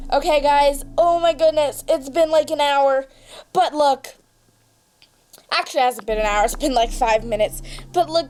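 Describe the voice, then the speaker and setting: A woman's voice: high voice, a little mellow, slight background noise. A young woman hosting her gaming channel, chatting through a card game in a bubbly, rambling, jokey way. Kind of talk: casual game commentary.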